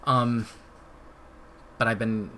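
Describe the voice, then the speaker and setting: Slow, laid-back male streamer. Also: mid-range voice, flat delivery, pushed and bright, a little hiss or hum. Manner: laid-back, rambling, laughs often. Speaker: streamer host. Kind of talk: casual live-stream chat.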